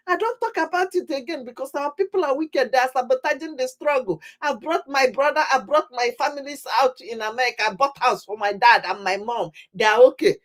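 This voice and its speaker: A woman's voice: high voice, a little fast, few pauses. A woman with a Nigerian accent giving an impassioned, repetitive talk to her community, pressing urgency. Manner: emphatic, repetitive, preaching urgency. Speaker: commentator on community affairs. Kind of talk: impassioned talk mixing English, Pidgin and Igbo.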